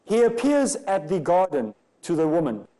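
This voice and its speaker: A man's voice: high-pitched, sing-song, moderate pace, dark tone, poor audio. A man from Africa, giving a religious lecture and arguing through rhetorical questions. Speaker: Islamic lecturer.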